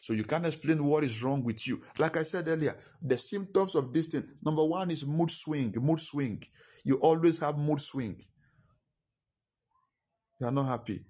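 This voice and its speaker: A man's voice: fairly high pitch, moderate pace, mellow. Man preaching with emphatic repetition. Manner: emphatic, repeats key phrases. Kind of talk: sermon.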